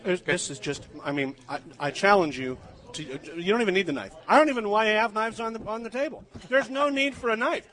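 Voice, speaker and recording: A man's voice: sits high, fairly quick, a bit bright. A man hosting a live radio food show from a ranch, gushing enthusiastically about the dishes. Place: live remote broadcast from a ranch saloon.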